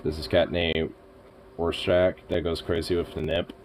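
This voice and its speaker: A man chatting casually on a stream, swearing freely and cooing softly to his cat. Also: low voice, level tone, moderate pace, a little hiss or hum, low-quality recording. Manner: profane, chatty, drops to soft baby talk with his cat. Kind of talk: casual chat.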